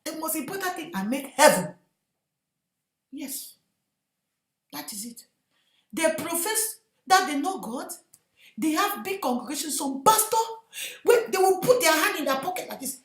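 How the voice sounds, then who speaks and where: A woman evangelist preaching an impassioned sermon in English, which is not her first language, often breaking into shouts and addressing listeners as her sister. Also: sits high, big pitch swings, moderate pace, pauses often, roomy sound. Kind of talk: fervent sermon.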